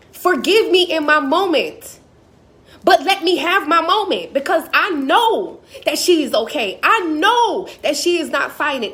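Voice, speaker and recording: A woman's voice: high voice, a bit bright. A woman, giving an impassioned, emotional personal monologue as a motivational speaker. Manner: impassioned, talks straight to the audience.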